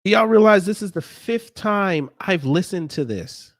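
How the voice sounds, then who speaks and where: A man doing reaction commentary in a fairly high, lively voice that swings up and down. He sounds exasperated and sarcastic, and he stammers through restarts. The recording is dry and close. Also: a little slow, no room sound. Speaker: commentary vlogger.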